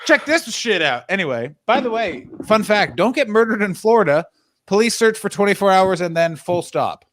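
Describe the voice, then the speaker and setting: A man's voice: sits high, lively intonation, normal speed. Rambling man hosting a casual stream. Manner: rambling storyteller, many restarts and asides. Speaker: streamer and host. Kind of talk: casual chat.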